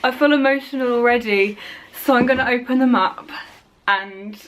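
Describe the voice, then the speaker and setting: A woman author vlogging at home into a camera mic, talking in a slow, halting, emotional way. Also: high-pitched. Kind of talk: casual vlog unboxing.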